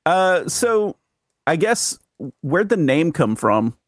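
A man co-hosting a podcast, asking a guest questions in a halting, easygoing way. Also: fairly high pitch, sing-song, no room sound, clean studio sound. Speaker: podcast co-host. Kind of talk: casual interview chat.

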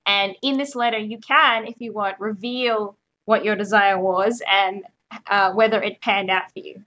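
A woman facilitating a tabletop role-playing game, explaining its rules in a relaxed manner with hedging fillers. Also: medium pitch, measured pace, lo-fi sound.

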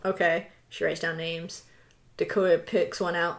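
A woman's voice: on the low side, little pitch movement, a little slow, vocal fry. A woman co-hosting a podcast, chatting casually, laughing often and acting out quotes. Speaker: podcast co-host. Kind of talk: casual chat.

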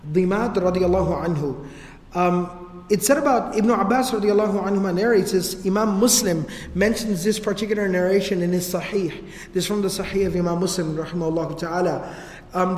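High-voiced man lecturing in an echoey hall. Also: a little mellow. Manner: casual, slangy, joking storyteller. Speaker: religious lecturer. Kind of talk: informal religious history lecture. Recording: echoey hall with long reverb.

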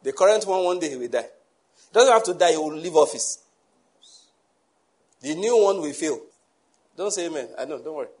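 A man preaching a sermon to a congregation, lively, acting out the people he quotes and laughing often. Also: on the high side, normal speed, pauses often, slightly rough. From Nigeria. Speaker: pastor.

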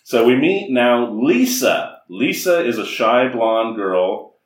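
A man's voice: mid-range voice, sing-song, slow. A man co-hosting a comedy podcast, reviewing a bad film with profane, mocking energy and acted-out bits. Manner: profane, mocking, acts out scenes in voices. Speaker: podcast co-host. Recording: roomy echo, a bit off-mic.

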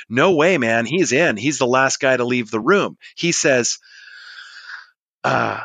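A man's voice: a little high, a little fast, no echo. Forty-something guy spinning a story, chatty, dry close sound. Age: 40s. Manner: animated, chatty, acts out quoted dialogue. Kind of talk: storytelling monologue.

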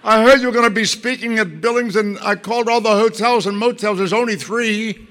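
A man's voice: very high voice, expressive, a little slow, bright, forceful tone, slight background noise, pitched above the performer's own voice, full character voice. An older man voicing a giddy young female fan on the phone, gushing and breathless. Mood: starstruck giddy. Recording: echoey hall.

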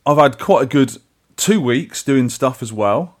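A man's voice: medium pitch, animated, a little slow. A man co-hosting a podcast, chatting casually and rambling with restarts. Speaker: podcast co-host. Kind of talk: casual chat.

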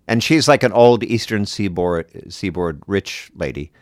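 A man in casual conversation about acting and accents, animated and quick to laugh. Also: lowish voice, no room sound, studio quality. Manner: animated, laughs often, mimics voices in passing. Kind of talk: casual chat.

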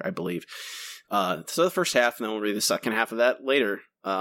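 A man's voice: mid-range voice, a bit bright. A man co-hosting a comics podcast in casual chat, chatty and laughing often, trailing off when he is unsure. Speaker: podcast co-host.

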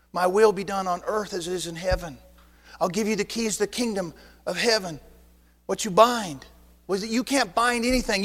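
A high-pitched man preaching to his congregation, animated and full of rhetorical questions. He acts out both sides of little conversations as he goes. His voice rings out with the long reverb of a church hall. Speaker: pastor. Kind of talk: sermon. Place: church sanctuary.

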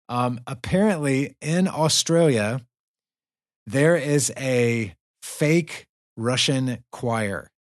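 Recorded remotely for a virtual studio, a man with a mid-range voice comes across clean and echo-free. As podcast host, he tells a story in an easygoing, upbeat chat, laughing often and using plenty of fillers.

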